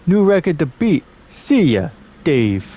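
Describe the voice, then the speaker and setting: A man's voice: on the high side, very animated, slow pace, warm tone, pitched above the performer's own voice, exaggerated voice. A man voicing a chatty male office agent who gossips to a coworker in a put-on accent, loose and swearing. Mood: gossipy.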